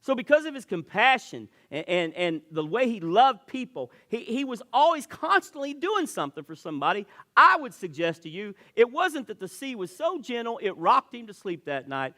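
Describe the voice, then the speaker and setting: Male pastor preaching in church, bright voice, kinda high for a guy, goes quiet then punchy. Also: very animated, moderate pace. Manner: preaches with wide swings from loud emphasis to hushed, soft delivery; repeats words when starting phrases. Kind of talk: sermon.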